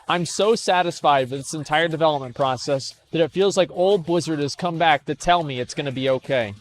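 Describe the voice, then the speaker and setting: A man's voice: on the high side, a little hiss or hum. A young man streaming casual commentary as he reads forum posts aloud, blunt and scornful, swearing, stammering and restarting.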